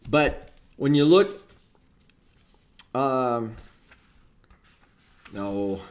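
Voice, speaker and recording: A man teaching an informal Bible study lesson on Greek grammar, explaining step by step and muttering to himself as he hunts through a book. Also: fairly high pitch. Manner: rambling, talks to himself while hunting through a book.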